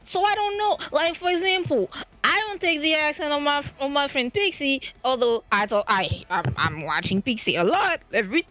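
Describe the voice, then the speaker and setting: High-pitched and animated, her sharp-toned voice moves at a moderate pace. The streamer, from the French Caribbean with a Creole accent, chats casually, rambling and restarting and making fun of herself, over dull lo-fi stream audio.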